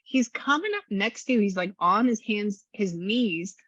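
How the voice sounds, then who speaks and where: A woman giving a spirit reading as a psychic medium, chatty and quick, with many fillers, over a video call. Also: mid-range voice, animated, a bit bright, dry recording. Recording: dull lo-fi audio.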